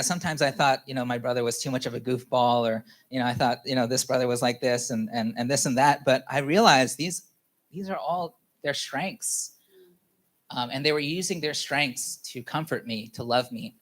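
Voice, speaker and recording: A male pastor telling a personal story in his sermon, candid, full of fillers and quick laughs. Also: medium pitch, a bit bright.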